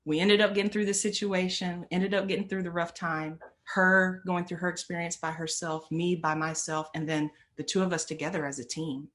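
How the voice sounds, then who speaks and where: A woman's voice: fairly low pitch, little pitch movement, normal speed, hardly any pauses, a bit bright. A woman giving an earnest motivational talk, telling a personal story and building on repeated phrases. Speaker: motivational speaker.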